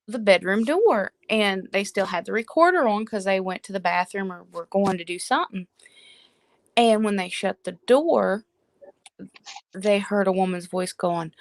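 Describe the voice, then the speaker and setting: Woman, animated storyteller, casual chat, dry close sound. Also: medium pitch, measured pace, no room sound. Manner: animated, acts out quoted voices. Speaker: host of a paranormal live stream.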